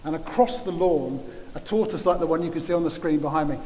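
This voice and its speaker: Emphatic high-voiced male preacher. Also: fast, mellow. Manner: emphatic, builds with repeated phrases. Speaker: guest preacher. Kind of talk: sermon. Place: church hall. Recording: long church-hall reverb, faint noise.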